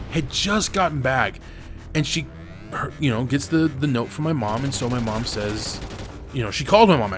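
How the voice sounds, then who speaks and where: A young man tells a personal story in a candid, animated way and swears casually as he goes. His voice sits at an ordinary middle pitch for a man. Faint music plays quietly in the background. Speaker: gaming channel host. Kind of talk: storytelling over gameplay commentary.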